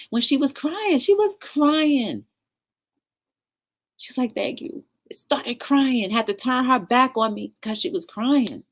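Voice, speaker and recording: A woman's voice: on the high side, fairly bright tone. A woman hosting a casual livestream talk show, chatting with viewers in the live chat and encouraging them.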